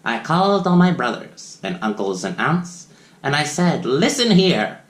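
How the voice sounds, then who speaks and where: A man's voice: mid-range voice, big pitch swings, normal speed. A man reading a children's picture book aloud in sing-song rhyme, breaking off for playful asides to the young listeners. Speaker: children's story reader. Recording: roomy echo.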